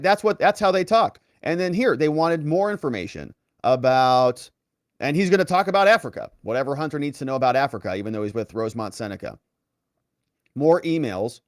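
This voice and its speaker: A man's voice: on the high side, no room sound, studio quality. A man hosting online political commentary, walking through documents with sarcastic, incredulous asides. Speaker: legal commentary host.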